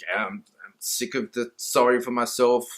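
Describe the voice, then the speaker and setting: A man's voice: medium pitch, steady tone, normal speed, a bit bright. Candid, swearing Australian man. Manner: rambling, swears freely, laughs at himself. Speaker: mental health vlogger. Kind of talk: candid casual monologue.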